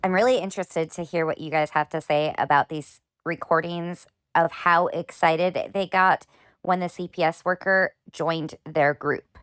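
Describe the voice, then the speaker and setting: A woman's voice: lowish voice, steady tone, measured pace, a bit bright, smooth, no echo, studio quality. A woman hosting a commentary video, talking through clips with pointed, sarcastic questions. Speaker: commentary host. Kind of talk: drama commentary.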